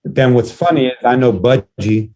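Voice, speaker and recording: A man's voice: mid-range voice, mellow, low-quality recording. A man being interviewed as a guest musician, telling stories in a laid-back way, swearing freely and often restarting his sentences. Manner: halting, with frequent restarts. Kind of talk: casual interview chat.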